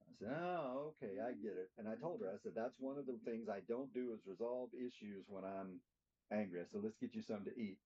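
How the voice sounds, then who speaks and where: A middle-aged man leads a church class with a mellow, slightly husky voice. He speaks plainly and keeps asking the room questions. The recording sounds dull and lo-fi. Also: on the low side, a little fast. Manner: plainspoken, asks the group questions. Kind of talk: interactive teaching talk.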